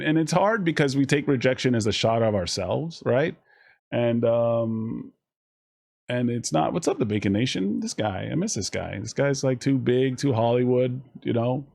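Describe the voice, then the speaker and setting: A man streaming live, giving casual, profane, rambling life advice to his chat and slipping into quick mock voices. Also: mid-range voice, darkish tone.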